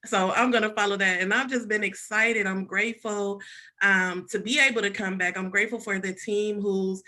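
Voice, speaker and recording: Bright-voiced excited woman on video call. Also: medium pitch, normal speed. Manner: excited and grateful, with filler words. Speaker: team member guest on call. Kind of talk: casual testimonial on a video call.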